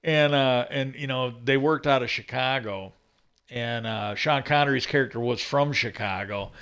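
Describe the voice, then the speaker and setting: A man's voice: medium pitch, normal speed, fairly bright tone, smooth. A man hosting a livestream, casually rambling through stories with many fillers and restarts. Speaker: livestream host.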